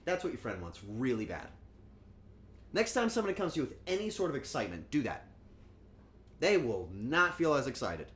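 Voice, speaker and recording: A man's voice: medium pitch, sing-song, brisk, long pauses, a bit bright. A man chatting casually on a cooking stream, joking and rambling, and acting out quotes in goofy voices.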